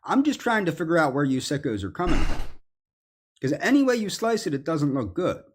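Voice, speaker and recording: A man in a ranting monologue, accusatory and indignant, halting with fillers. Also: a little high, huge pitch swings, husky. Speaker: commentary subject in clips.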